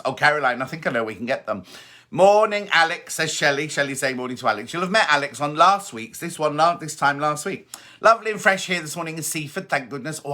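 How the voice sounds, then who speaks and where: Chatty man with a bright voice. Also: fairly high pitch. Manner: chatty, reads greetings aloud and chats back. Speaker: host of a live stream. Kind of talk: casual live-stream chat reading viewer comments.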